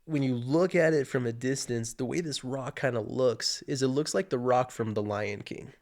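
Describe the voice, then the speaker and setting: A man with a mid-range voice tells a story in a relaxed, chatty way. He brings the moments to life, slipping into his own worried inner voice, and now and then he stumbles over his words. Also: medium pitch, moderate pace. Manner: animated, acts out his own panicked inner voice. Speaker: guest sharing his testimony. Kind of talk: casual storytelling.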